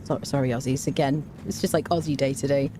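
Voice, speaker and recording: A woman's voice: rumbling low, fairly even intonation, quick pace, noisy background. A woman streaming a game, giving chatty live commentary, talking to her chat and humming to herself as she plays.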